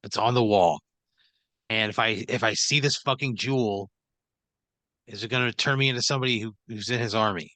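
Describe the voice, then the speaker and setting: A man's voice: on the low side, fairly quick, long pauses, sharp tone, no room sound. A man playing along in an improv comedy podcast, exasperated and reluctant, swearing a lot. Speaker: improv player.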